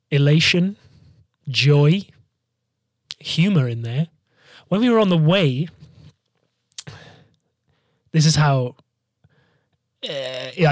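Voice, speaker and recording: A young man with a mid-range voice is recorded with clean studio sound and no room sound. The frontman of a band and host of a podcast, he tells a travel story in a casual, animated monologue, swearing freely and acting out what people said.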